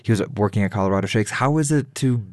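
A male radio interviewer with a very low voice asks easy, conversational questions. The sound is dry and close, like a studio mic. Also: fast talker, no echo. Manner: conversational, warm affirming interjections. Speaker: arts interviewer, host.

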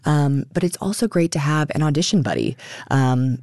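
A woman stage actor talking warmly and effusively in a radio interview, with plenty of fillers. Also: low voice, animated, normal speed, no echo, clean studio sound. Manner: warm, effusive, many fillers. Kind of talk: casual radio interview chat.

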